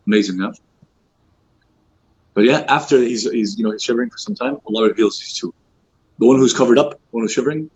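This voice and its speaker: A man's voice: mid-range voice, husky. A man giving a casual religious talk to a youth circle in a mosque, informal with many fillers, acting out quoted speech. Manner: fast, informal, many fillers like "you know" and "like"; acts out quoted speech in lively voices. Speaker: youth halaqah teacher. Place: mosque hall. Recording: dull lo-fi recording.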